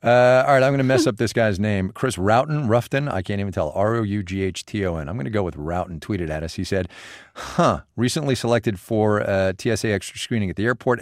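A man's voice: lowish voice, no room sound, clean studio sound. A man hosting a casual podcast, reading listener mail with a wry, self-deprecating manner. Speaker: podcast host.

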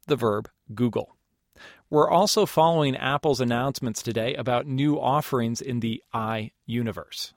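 A man's voice: on the high side, no echo, clean studio sound. A man hosting a public radio technology show, interviewing guests and reading stories in a conversational, lightly wry way. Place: radio studio.

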